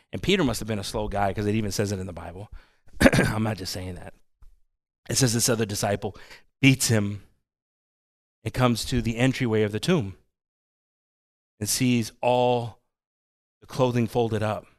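A man preaching a sermon, earnest, swinging between soft and loud, repeating his phrases. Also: medium pitch, dry recording. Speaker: pastor.

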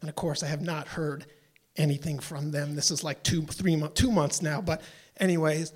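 A man's voice: on the high side, moderate pace. Exasperated older man telling a story. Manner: exasperated, animated, mimics voices. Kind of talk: live storytelling. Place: stage at a live story slam.

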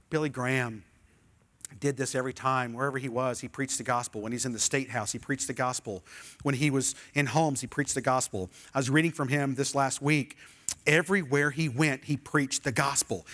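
Bright-voiced animated male preacher. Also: a little high. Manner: animated preaching, call-and-response with congregation. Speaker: pastor. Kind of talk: sermon.

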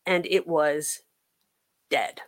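An American woman, a podcast guest, telling a personal recovery story in an earnest, halting way, with frequent restarts. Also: low-pitched, fairly even intonation.

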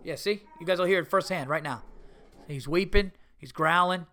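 Swearing freely, a middle-aged man tells stories straight into a podcast mic at a moderate pace, with slight background noise. His voice sits somewhat high for a man and is bright with a forward edge, and the whole thing feels like a loose, animated solo monologue.

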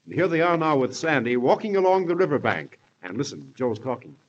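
A man's voice: mid-range voice, very animated, brisk. Old-time radio announcer, man. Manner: confiding storyteller tone. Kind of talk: 1930s radio announcer narration. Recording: dull lo-fi 1930s radio recording.

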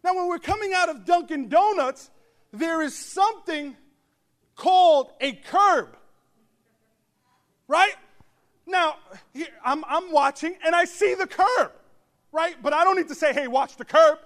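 A man pastor delivering a humorous storytelling sermon to his congregation, animated with joking asides and bursts of shouting. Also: extremely high pitch, a little slow, long pauses. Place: church service before a congregation.

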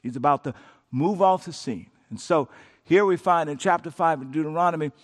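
A male pastor preaching a sermon with call-and-response, building up to shouting. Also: on the high side, brisk. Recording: long reverb of a large hall.

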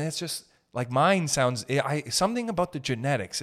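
A young man doing a casual comedic monologue, rambling and joking with swerving pitch and pace. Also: lively intonation, moderate pace, hardly any pauses, a bit bright. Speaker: comedian host.

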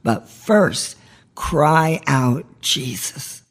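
A woman's voice: very deep voice, a little slow, a little mellow. A woman hosting a marriage ministry podcast, giving heartfelt devotional teaching in an earnest, pleading way.

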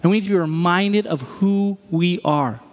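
A man preaching a sermon as pastor, expressive and acting out everyday scenes. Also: high voice, normal speed, big-room sound. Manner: expressive, acts out everyday scenes in different voices.

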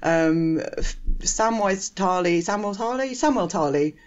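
A man's voice: high voice, lively intonation, a little slow, lo-fi sound. This is a chatty man talking casually on a podcast, laughing often as he rambles through a film review. His delivery is loose and full of fillers. He has an easy, conversational flow. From England. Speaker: podcast co-host. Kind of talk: casual chat.

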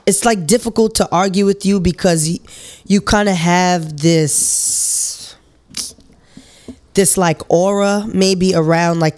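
A woman's voice: deep voice, darkish tone. A woman in casual relationship talk who speaks hesitantly, filling her sentences with "like" and "you know". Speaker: podcast co-host.

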